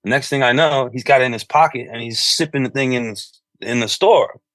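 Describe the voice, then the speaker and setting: A man being interviewed about his music, talking loosely and filling pauses with "you know". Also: medium pitch, a bit bright, dry recording. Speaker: musician guest. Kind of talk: conversational interview.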